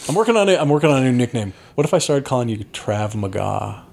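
A man's voice: mid-range voice, big pitch swings, quick pace, vocal fry, a little mellow. A man hosting a comedy podcast, playful and laughing, often stammering as he restarts sentences. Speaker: podcast host.

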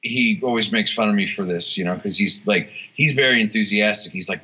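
He talks fairly quickly with few pauses, his lowish voice bright, forceful and a bit breathy. As a guitarist-songwriter guest in a relaxed interview, he rambles with many restarts, fillers and swear words, on a dull lo-fi recording.

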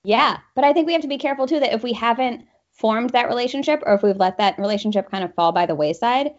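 A woman's voice: fairly high pitch, quick pace. A woman hosting a faith podcast, affirming her guest and often saying "right" and "yeah". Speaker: podcast host. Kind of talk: faith conversation. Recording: slightly dull sound.

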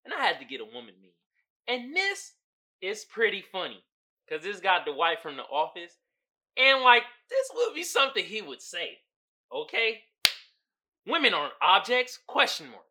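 A man hosting a podcast in a casual, comedic commentary style. He swears freely, laughs often, and swings from low mumbling to loud outbursts. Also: wildly swooping pitch, normal speed. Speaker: podcast host.

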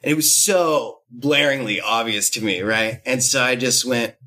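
A man's voice: medium pitch, moderate pace, bright, forceful tone. A man in his thirties, a guest telling a candid personal story, rambling with fillers and restarts and acting out quotes.

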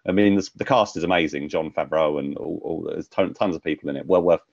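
A man's voice: sits low, fast, creaky, a little mellow, no room sound, highs cut off. A British man co-hosting a podcast, chatting casually about films in a rambling way, with lots of fillers and restarts. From United Kingdom. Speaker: podcast co-host. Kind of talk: casual film review chat.

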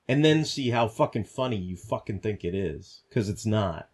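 A man's voice: lowish voice, expressive, moderate pace, a little mellow, husky. A man co-hosting a podcast, ranting heatedly in casual talk, swearing constantly and restarting his sentences. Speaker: podcast co-host. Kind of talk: profane casual rant.

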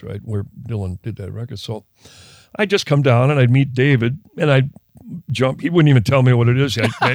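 A man's voice: medium pitch, vocal fry, a little mellow, no room sound. Older guy from minnesota rambling through a story, keeps restarting, dry close sound. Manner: rambling, self-interrupting anecdotes with laughs. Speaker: guest musician. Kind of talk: casual storytelling interview.

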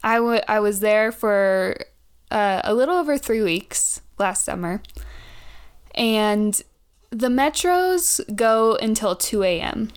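Young woman, podcast co-host, slow delivery, casual, animated storytelling. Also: mid-range voice, smooth. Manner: chatty, laughs often, animated storytelling. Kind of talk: casual chat.

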